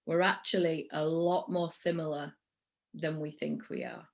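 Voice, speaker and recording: A woman's voice: low-pitched, flat delivery, measured pace, vocal fry. A woman hosting a live-streamed interview in an enthusiastic, encouraging, spiritual tone. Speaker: podcast host.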